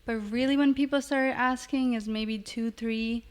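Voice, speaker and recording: A woman's voice: a little high, steady tone, moderate pace, clean tone. A woman in her thirties co-hosting a podcast, talking candidly and laughing often. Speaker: podcast co-host. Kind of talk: casual podcast chat.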